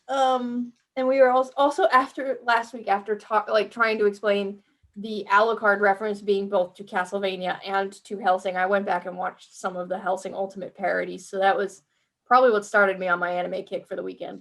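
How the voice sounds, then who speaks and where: A woman's voice: medium pitch, flat delivery, brisk, fairly bright tone. Chatty woman gamer, casual and profane. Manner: chatty, swears freely, acts out her reactions. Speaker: podcast co-host. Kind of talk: casual gaming chat.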